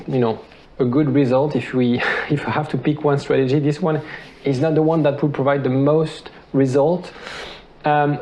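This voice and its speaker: A man's voice: a little high, darkish tone, a little hiss or hum. A man giving relationship advice to camera in a loose, chatty way, with many fillers and restarts and light laughs between points. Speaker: relationship coach. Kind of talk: casual advice monologue to camera.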